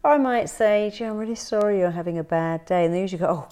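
Speaking fast with hardly any pauses, a woman therapist chats as an interview guest in a medium-pitched voice. She tells lively stories, performing the voices of the people she quotes.

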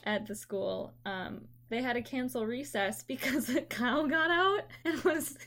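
A young woman chatting casually as a podcast co-host, telling lively stories and acting out the people in them. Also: high-pitched, measured pace. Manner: animated storyteller, acts out customers in quotes. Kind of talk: casual chat.

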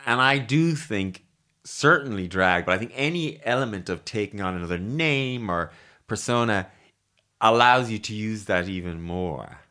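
A male host chatting with a guest in an interview, talking emphatically with animated asides. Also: on the low side, normal speed. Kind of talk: casual interview chat.

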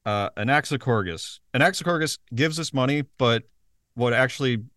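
A man's voice: mid-range voice, moderate pace, a bit bright, no room sound. Jokey man with a dry sound. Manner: joking, self-mocking. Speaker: podcast co-host. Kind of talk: casual chat.

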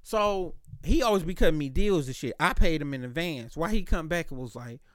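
A male podcast host tells a story casually and with plenty of profanity, acting out both sides of the exchange. His voice sits a little high and sounds smooth and resonant. The recording is dry and close. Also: expressive, brisk, a bit bright, no echo.

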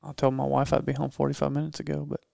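A man's voice: medium pitch, completely flat delivery, fast talker, vocal fry, mellow, dry recording, clean studio sound. A young man with a Southern US accent, co-hosting a live stream in casual chat, laid-back and joking.

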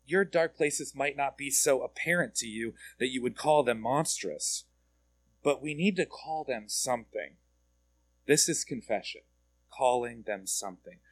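A man's voice: mid-range voice, unhurried, fairly bright tone. A man giving a conversational sermon as a pastor, often asking his listeners direct questions and repeating words as he goes.

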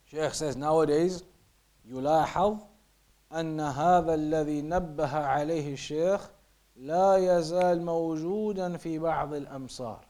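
A fast-talking teacher of Islamic law with a fairly high, warm voice reads passages and explains them in English. He repeats himself frequently and occasionally drops to a near-whisper to show how something should sound.

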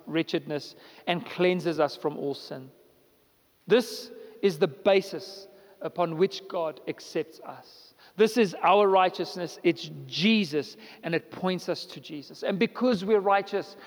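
A man with a notably high voice delivers a sermon as pastor, pressing his points through repeated, building lines. His voice carries a long reverb, as if spoken in a large church sanctuary. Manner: preaching with rising emphatic repetition.

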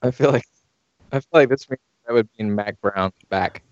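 A man's voice: medium pitch, moderate pace, no room sound, muffled recording. A man co-hosting a casual sports podcast, making dry, offhand remarks. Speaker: podcast co-host.

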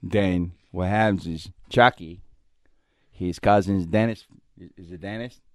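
Male host with a fairly low voice and a dry, close sound, telling rambling anecdotes. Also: steady tone, a little slow, clean tone, no room sound. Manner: rambling storyteller with frequent laughs and restarts. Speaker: radio show host. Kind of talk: casual chat.

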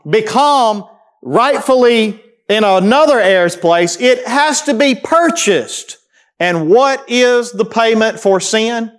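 A man preaching a sermon, reading scripture aloud and explaining it, often asking the congregation questions and answering them himself. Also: high voice. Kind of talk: sermon teaching through scripture.

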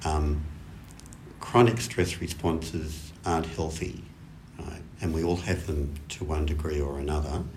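Low-voiced man giving a calm dharma talk. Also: unhurried, a little hiss or hum. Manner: relaxed, thinking aloud in lists, often checking in with "right?". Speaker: Zen teacher.

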